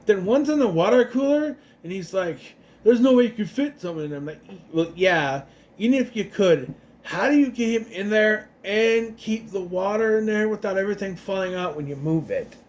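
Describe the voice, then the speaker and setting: A man's voice: sits high, expressive, darkish tone. A man recapping a TV episode in a casual, rambling way, restarting often and acting out the characters' lines. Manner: rambling, restarts a lot, acts out lines in quick voices.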